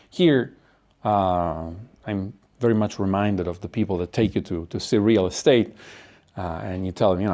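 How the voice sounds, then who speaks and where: A man's voice: fairly low pitch, normal speed, darkish tone. A man delivering a comic monologue, ranting with lots of swearing and acted-out asides.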